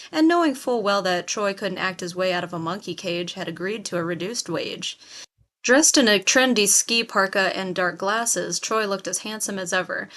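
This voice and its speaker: A woman narrating a first-person novel as an audiobook, telling it expressively. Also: mid-range voice. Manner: expressive storytelling with acted quotes.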